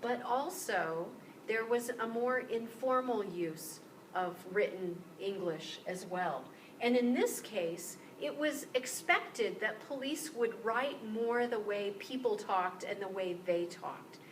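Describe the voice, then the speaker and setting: A woman instructor giving a recorded lecture, explaining clearly and slowing down to model example sentences. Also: medium pitch, lively intonation, a little hiss or hum, poor audio. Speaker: university instructor. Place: room with motion-sensor lights.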